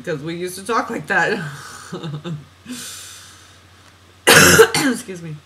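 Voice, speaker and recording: A woman's voice: lowish voice, expressive, extremely slow, pauses often, pushed and bright, rough recording. A woman reading oracle cards for a client in a chatty, meandering way, laughing at herself and drifting off on tangents. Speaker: oracle card reader. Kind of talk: spiritual card reading monologue.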